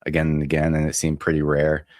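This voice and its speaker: A man co-hosting a board game podcast in casual chat, giving deadpan, understated verdicts. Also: very deep voice, fast talker, no room sound, studio quality. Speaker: podcast co-host.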